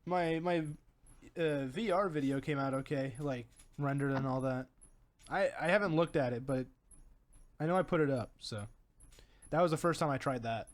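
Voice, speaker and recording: A man's voice: fairly high pitch, moderate pace, pauses often. Young man rambling through a story. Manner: rambling storyteller, stumbles and repeats words, laughs at own story. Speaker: podcast co-host. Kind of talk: casual chat.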